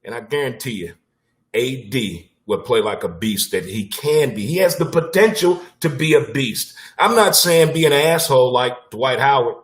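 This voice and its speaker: A man hosting his own sports talk show in a loose, unscripted monologue. His delivery is blunt and animated, salted with casual swearing, and he likes to repeat a line for emphasis. The voice sits at a plain middle pitch. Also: normal speed.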